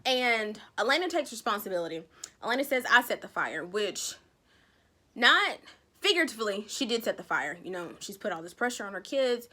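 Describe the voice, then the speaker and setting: Bright-voiced woman recapping a TV episode. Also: mid-range voice, fairly quick. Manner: animated storytelling that acts out the characters' lines. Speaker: TV recap vlogger.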